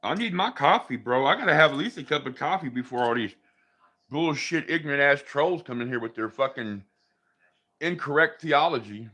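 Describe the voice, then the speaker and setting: Male streamer, casual and foul-mouthed, irritated ranting; bright, lively voice that swings a lot. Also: medium pitch, normal speed, a little hiss or hum. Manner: talks to viewers and his dogs. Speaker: livestream host. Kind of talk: casual livestream chat.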